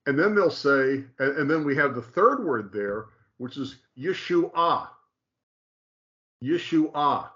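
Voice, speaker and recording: An emphatic man in a mid-pitched voice explains things in a conversational teaching manner. He repeats himself for stress and keeps checking in with "okay?". The sound is a little dull and lo-fi. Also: sing-song, moderate pace, few pauses, a bit bright.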